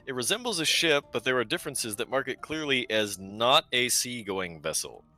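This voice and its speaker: Bright-voiced man narrating as game master. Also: medium pitch, expressive, soft background music. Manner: measured descriptive narration with casual asides.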